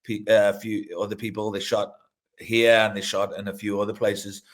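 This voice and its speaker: A man's voice: fairly low pitch, little pitch movement, normal speed. A middle-aged man, a director and actor, chatting loosely in an interview, swearing freely, restarting sentences and laughing mid-story. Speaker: film director and actor, guest. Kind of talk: casual interview chat.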